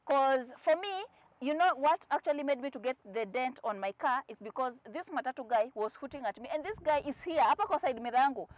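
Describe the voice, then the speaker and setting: A young Kenyan woman chats to her viewers in a bright, slightly raised voice, mixing English with Swahili and acting out the people in her stories. The sound is dry and close, with no room around it, and a little muffled. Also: high voice, animated, a little fast, dry recording. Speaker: vlogger. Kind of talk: casual storytelling to camera.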